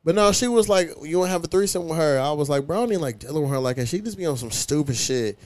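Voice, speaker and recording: A man in casual podcast talk, with a smooth, resonant voice at a middle pitch. He tells profane stories and quotes his own comebacks. The sound is close and dry, with no room in it. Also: animated, very fast, a little mellow, no room sound. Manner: profane storytelling, quoting his own retorts. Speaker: podcast host.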